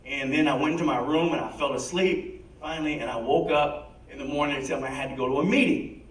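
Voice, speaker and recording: A man's voice: a little high, a little fast. A man in his fifties telling a personal recovery story to an audience, acting out the voices of the people in it. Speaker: guest speaker. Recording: echoey hall, mic from a distance.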